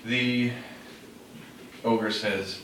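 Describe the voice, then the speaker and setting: A storyteller demonstrating a classroom technique tells a fable casually and loosely, full of fillers and self-corrections. His mid-range voice is fairly bright, with a steady tone and drawn-out words. The mic is distant and the sound roomy, with faint noise.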